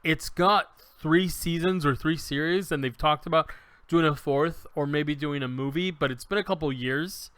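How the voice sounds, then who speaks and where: A man's voice: on the high side, normal speed, clean tone, no echo. A man co-hosting a podcast, casually retelling a comedy show with many restarts and acted-out quotes. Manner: animated storyteller, acts out quotes, many restarts. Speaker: podcast co-host reviewing a show. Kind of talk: casual chat.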